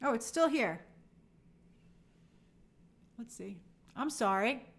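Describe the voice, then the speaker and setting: High-voiced woman chatting with stream viewers. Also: lively intonation, gravelly. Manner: chatty, apologetic, quick shout-outs to viewers. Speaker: live stream host. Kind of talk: casual live-stream chat reading viewer comments. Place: home in New York City.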